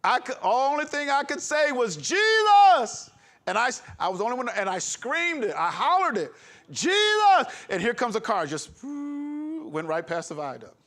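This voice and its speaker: High-voiced impassioned man preaching. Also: sing-song, brisk, hardly any pauses, fairly bright tone. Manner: impassioned, emphatic, with laughs. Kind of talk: sermon. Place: congregation hall.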